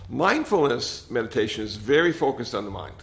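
An older man, a meditation teacher, giving a gentle, rambling dharma talk that often repeats words. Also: medium pitch, sing-song, brisk. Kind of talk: dharma talk with audience questions. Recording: slightly dull sound, faint noise.

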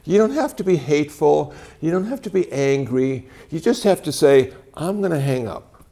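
Older guy in his 60s giving a talk, gravelly voice, bouncy up and down delivery, dry jokes. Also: on the high side, moderate pace. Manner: animated storytelling with wry humor. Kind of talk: conversational talk to a live audience. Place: talk venue before an audience.

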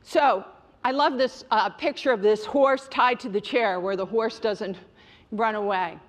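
This direct, emphatic motivational speaker is a middle-aged woman talking about mindfulness to a crowd she calls "you guys," with an unhurried voice on the high side.

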